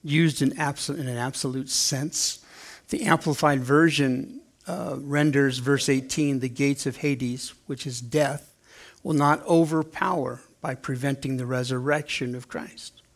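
Man, 60s, pastor, sermon, gravelly voice, middle pitch, conversational, playful quote voices. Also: steady tone, unhurried.

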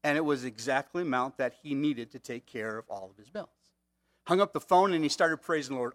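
A man's voice: medium pitch, a little fast, a bit bright. A man preaching a conversational sermon, asking the congregation rhetorical questions. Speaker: pastor.

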